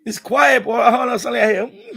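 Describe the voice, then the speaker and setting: Brief: chatty live-stream host, high pitched with a raspy fry, gossipy and animated. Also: male voice, a little fast. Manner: animated, laughs often, gossipy. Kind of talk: casual storytelling.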